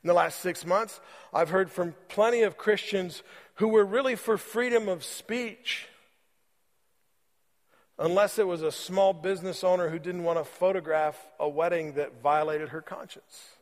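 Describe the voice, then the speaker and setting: A man preaching a sermon as pastor, conversational and repeating phrases for emphasis, slowing on key words. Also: sits high, in a large hall. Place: church sanctuary.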